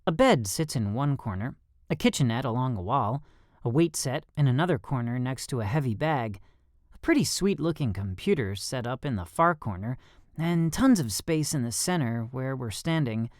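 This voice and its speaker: Guy reading a first-person audiobook, lots of pitch swing, dry studio mic. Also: animated, normal speed, darkish tone, no room sound. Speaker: audiobook narrator.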